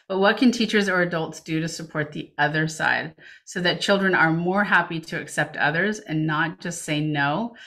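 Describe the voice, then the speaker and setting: Woman, webinar presenter, slightly low pitch, reassuring coaching tone, video-call mic. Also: a bit bright. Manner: reads chat questions aloud. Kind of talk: parenting webinar talk. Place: home setup, remote webinar. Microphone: computer mic on video call.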